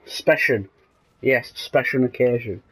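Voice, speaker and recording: A young man with a sarcastic, deadpan manner, casually commentating a video game and breaking into sudden excited yelps. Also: mid-range voice, takes it slowly, breathy edge, poor audio. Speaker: gaming video host.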